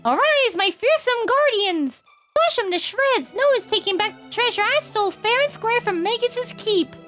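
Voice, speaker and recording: A woman voicing a boastful male villain mage from a game, with a high, blustering voice. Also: lively intonation, moderate pace, fairly bright tone, soft background music. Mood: gloating. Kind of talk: reading game dialogue aloud.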